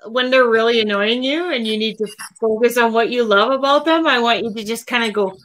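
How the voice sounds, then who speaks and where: Bright-voiced woman giving rambling advice. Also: fairly high pitch, brisk, rough recording. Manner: earnest, rambling advice with many restarts. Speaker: co-host reading tarot cards. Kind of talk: casual livestream chat.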